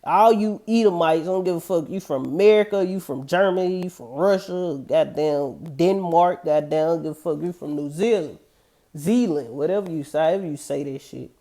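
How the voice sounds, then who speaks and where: A man reading scripture verses slowly, then breaking into loose, profane street-slang commentary and calling listeners "man" again and again. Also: on the high side, mellow. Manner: addresses listeners with a repeated "man". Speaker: scripture teacher.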